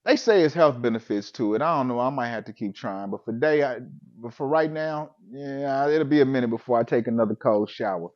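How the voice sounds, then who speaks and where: A man's voice: medium pitch, brisk, highs cut off. A man casually telling a comic personal story, acting out his own reactions with lots of energy.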